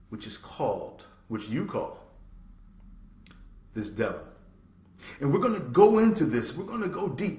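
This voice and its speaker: Passionate preachy man, echoey room. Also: a little high. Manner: preachy, swings from loud to soft. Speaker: host. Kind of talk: passionate motivational talk.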